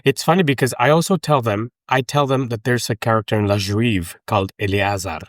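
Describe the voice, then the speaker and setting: A man from Mexico with a Mexican accent, a guest telling lively anecdotes in a casual chat. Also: medium pitch, a little fast, dry recording, studio quality. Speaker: guest opera tenor.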